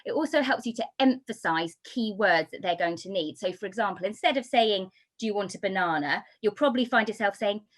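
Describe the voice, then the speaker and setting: A woman from the United Kingdom giving a talk on baby sign language, explaining with lively, sing-song emphasis. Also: medium pitch, brisk, few pauses. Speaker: baby signing instructor. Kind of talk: talk to an audience.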